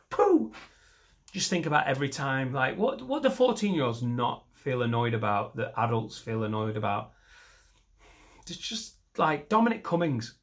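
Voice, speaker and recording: A comedian in his thirties rambles through a stand-up routine, poking fun at himself. His voice sits at an ordinary middle pitch, and he breaks into loud, high voices to act out the scenes he imagines. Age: 30s. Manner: rambling and self-mocking, jumping into shouted voices for imagined scenes. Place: comedy stage.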